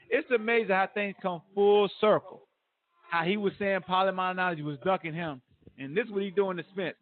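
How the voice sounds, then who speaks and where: A man hosting a podcast, ranting about sports in casual slang with lots of animated trash talk. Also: high-pitched. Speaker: podcast host. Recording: phone-like narrow audio.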